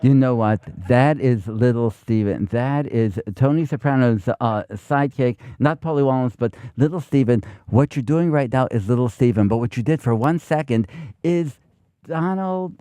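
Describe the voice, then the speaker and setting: A man's voice: mid-range voice, normal speed, mellow, clean tone, dry recording. A man appearing as a guest on a podcast, talking eagerly and at length and quoting scenes as he goes. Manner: eager, rambling, quotes scenes. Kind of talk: enthusiastic film talk.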